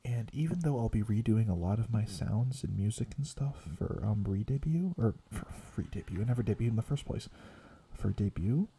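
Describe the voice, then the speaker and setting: A young man streaming as a VTuber, rambling softly in a quiet ASMR chat that slips into whispers. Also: medium pitch, expressive, a little fast, a little hiss or hum. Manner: soft rambling, drifting between quiet voice and whisper.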